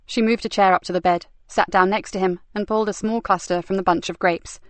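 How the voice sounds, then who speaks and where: A woman reading a crime novel aloud in an even, measured narration, recorded on a close microphone. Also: medium pitch, no room sound. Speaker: audiobook narrator. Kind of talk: scripted narration.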